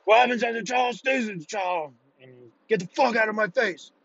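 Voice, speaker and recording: A man doing a gruff, barking drill instructor. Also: sits high, brisk, fairly bright tone, dry recording, lo-fi sound, voice pushed up, full character voice. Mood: menacing. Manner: barked orders, menacing. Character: profane, gruff male military drill instructor.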